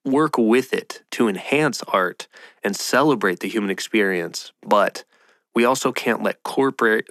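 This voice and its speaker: A man's voice: lowish voice, fairly bright tone, no echo, clean studio sound. A man hosting a podcast, talking in a rambling, playful casual monologue and slipping into mock voices. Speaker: podcast host.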